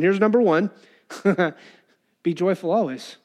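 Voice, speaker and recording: A man's voice: high-pitched, normal speed. A man preaching an earnest, conversational sermon, acting out people's complaints as he goes. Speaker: pastor.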